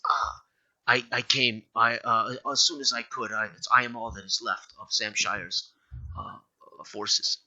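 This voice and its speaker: Man voicing a wounded tearful soldier, halting broken phrases, very bright voice, dull lo-fi sound. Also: medium pitch, steady tone. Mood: shaken. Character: wounded, grief-stricken male soldier scout. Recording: dull lo-fi recording.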